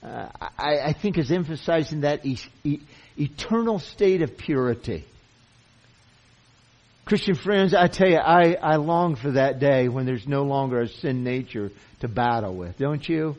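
A man's voice: on the high side, lively intonation, measured pace, a little mellow. An earnest male preacher delivering a sermon in a slightly raised voice. He talks emphatically and repeats words as he builds to each point. The recording sounds dull and lo-fi.

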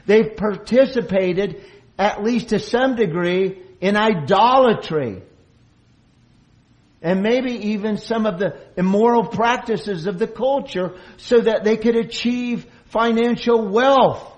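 A man's voice: high-pitched, slow, poor audio. Earnest male pastor preaching a sermon. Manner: earnest, restarts phrases, acts out quoted boasts loudly. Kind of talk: expository sermon.

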